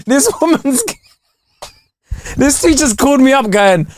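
A man's voice: very high voice, lively intonation, unhurried, slight background noise. A young man, co-hosting a casual podcast chat, telling stories loosely and laughing often. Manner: laughs a lot, loose slangy storytelling. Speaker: podcast co-host.

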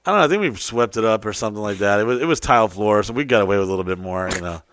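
A man on a podcast telling crude stories and jokes, rowdy and profane, often jumping into loud high put-on voices. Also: very fast, dry recording, studio quality. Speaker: podcast host. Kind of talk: crude comedic podcast banter.

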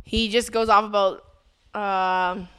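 A young adult woman co-hosting a podcast, laughing often and teasing her co-host with quick interjections. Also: mid-range voice, fairly even intonation, sharp tone, clean tone. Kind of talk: casual comedic chat.

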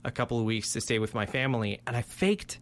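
A man from Colorado co-hosting a podcast, telling self-deprecating stories in a casual, animated way. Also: mid-range voice, fast talker. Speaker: podcast co-host.

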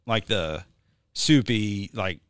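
A man's voice: lowish voice, slow pace, clean tone, no room sound, studio quality. A man hosting a podcast, chatting casually and rambling with lots of fillers and jokes. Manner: rambling, joking, many fillers. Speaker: podcast host. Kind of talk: casual chat.

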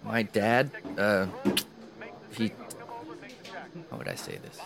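An actor playing a nervous, defensive young office worker who stammers and hesitates. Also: male voice, on the low side, wildly swooping pitch, slow, creaky, heavily acted. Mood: hesitant. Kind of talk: film drama dialogue.

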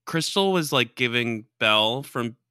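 Bright-voiced man with dry quips. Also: medium pitch, animated, measured pace, clear, resonant tone, no echo. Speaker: podcast co-host. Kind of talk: casual chat recapping a reality show.

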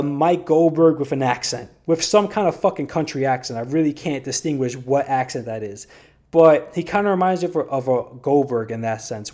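A man's voice: mid-range voice, darkish tone. A man hosting a solo podcast, giving blunt, profane, rambling opinions in casual talk. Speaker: podcast host.

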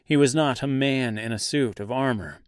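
A man narrating a fantasy audiobook in a measured storytelling manner. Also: medium pitch, clean tone, dry recording, clean studio sound. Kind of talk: scripted narration.

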